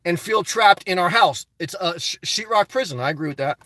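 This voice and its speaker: Reading live chat from his YouTube channel, this host riffs chattily on viewer comments during a casual stream. His high-pitched voice is expressive, brisk, and sharp, captured as a dry, clean studio recording.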